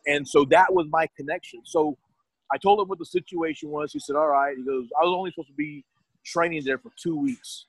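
A man's voice: on the high side, a little fast, husky, no room sound, low-quality recording. A middle-aged man telling his story in a casual, rambling way, often restarting his sentences and quoting others.

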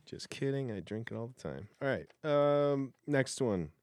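Slow-talking man, rambling and casual. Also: medium pitch, animated, a little mellow, dry recording, studio quality. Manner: rambling, self-interrupting, laughs often. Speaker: host reading messages from coworkers. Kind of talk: casual chat.

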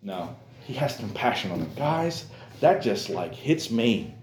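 A man's voice: medium pitch, unhurried. Earnest man preaching in an echoey room. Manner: earnest, pleading prayer with many "Lord" and "God" tags; animated preaching with direct "hey, guys" appeals. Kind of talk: sermon to a men's group. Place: church meeting room. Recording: echoey room with faint ambience.

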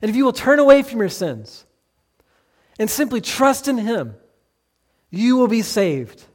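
A man's voice: very high voice, big pitch swings, measured pace, darkish tone. A male pastor preaching a sermon, earnest and pleading, with many rhetorical questions.

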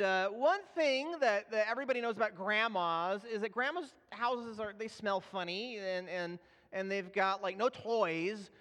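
Pastor, man, 30s, high-pitched, chatty sermon storytelling, hall reverb. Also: sharp tone. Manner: conversational, self-deprecating, with frequent fillers and restarts. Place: church sanctuary. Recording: echoey hall.

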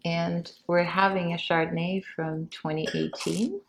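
Low-voiced woman hosting. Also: flat delivery, a little slow, vocal fry, background noise. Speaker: host. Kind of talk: interview conversation.

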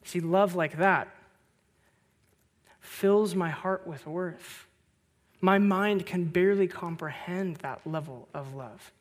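A man, a pastor, delivering a Christmas sermon, telling a story with bursts of loud, high energy and then dropping soft and low on reflective points. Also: takes it slowly, long pauses. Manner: animated storytelling, rising loud on anecdotes.

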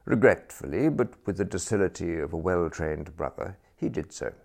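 A man's voice: low voice, expressive, normal speed, creaky, darkish tone. A man reading a comic novel aloud as narrator, telling it dryly and expressively. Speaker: audiobook narrator.

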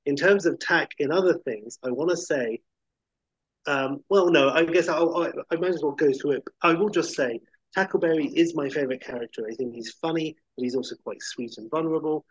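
Man, husky voice, enthusiastic rambling film chat, dull lo-fi sound. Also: a little high, fairly quick, no room sound. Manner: enthusiastic, rambling, acts out quotes. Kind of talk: casual chat about films.

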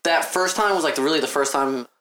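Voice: mid-range voice, fast talker, a bit bright, a little hiss or hum. A player in a tabletop game speaking casually with lots of filler words.

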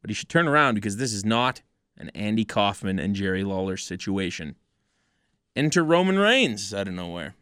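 A man with a lowish voice hosts a casual podcast, talking in a relaxed and easygoing way. He recaps from notes and adds joking asides. The sound is dry and close. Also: normal speed, smooth, dry recording. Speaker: podcast host. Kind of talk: casual wrestling podcast chat.

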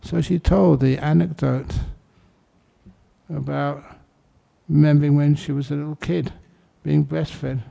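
A male meditation teacher gives a dharma talk in a heavily gravelly, fry-laden voice. His tone is dark and mellow, with no edge at all. He tells his stories in an easygoing, anecdotal way, as if chatting with the room. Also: on the high side, a little slow. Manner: relaxed anecdotal storytelling.

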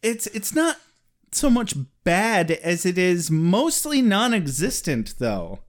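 A man co-hosts a podcast in loose, joking chat, peppered with swearing. His voice sits fairly high and rises and falls animatedly. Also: big pitch swings, takes it slowly. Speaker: podcast co-host. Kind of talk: casual chat recapping a TV episode.

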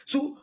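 A man's voice: a bit bright, highs cut off. A man, preaching a live-streamed teaching sermon in an emphatic, repetitive way and often checking in with his listeners. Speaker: pastor.

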